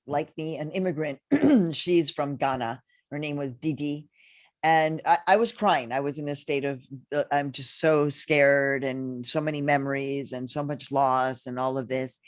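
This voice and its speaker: A woman's voice: extremely low pitch, a little slow, no echo, clean studio sound. A woman moderating a panel discussion over a video call, speaking in a reflective, personal way with fillers and restarts.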